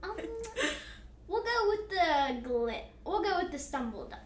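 A woman's voice: high-pitched, big pitch swings, a little slow, roomy sound, a little hiss or hum. A woman voicing a chatty young paladin artificer man who rambles. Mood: rambling.

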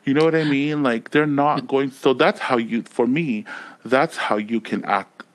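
A man co-hosting a podcast, talking in loose, animated chat. He swears freely and laughs often. His voice sits at a medium pitch. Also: measured pace, low-quality recording. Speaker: podcast co-host. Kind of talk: casual chat.

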